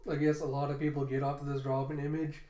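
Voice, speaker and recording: A man's voice: on the high side, a little mellow. A man giving a casual, sardonic comic chapter review. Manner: sardonic, opinionated. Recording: echoey room.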